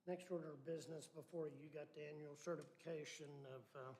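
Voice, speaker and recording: A man's voice: on the high side, fairly even intonation, fast, darkish tone. A man chairing a county commissioners' meeting in a plain, matter-of-fact way, calling motions and votes. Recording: hall reverb, livestream.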